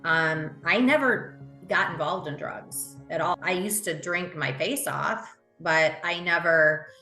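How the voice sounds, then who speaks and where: A woman hosts the interview in a frank, conversational way. Her voice sits very low for a woman. The room gives it a noticeable echo, with faint music underneath. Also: slow, bright, forceful tone. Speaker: podcast host. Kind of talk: casual interview chat.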